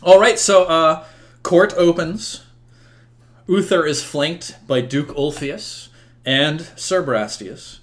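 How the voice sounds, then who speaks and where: A man's voice: fairly high pitch, slow. A man narrating a tabletop game as game master, with many fillers. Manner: filler-heavy, descriptive.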